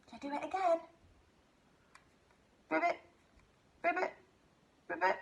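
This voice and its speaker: Sing-song nursery teacher, slow and lively. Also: female voice, medium pitch, slight background noise. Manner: slow, sing-song, exaggerated talk to small children. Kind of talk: phonics lesson for young children.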